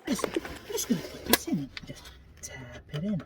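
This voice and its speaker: A man's voice: fairly high pitch, wildly swooping pitch, normal speed. A man who works on a car himself, muttering and grumbling to himself while lying underneath it. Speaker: home mechanic vlogger. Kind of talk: muttering commentary while working. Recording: loud background noise, workshop clatter.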